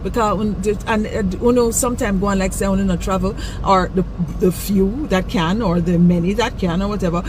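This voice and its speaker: A woman's voice: mid-range voice, fairly even intonation, fairly quick, background noise. A woman with a Jamaican accent giving an emphatic, lecturing rant, repeating her warnings. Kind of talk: outdoor video rant.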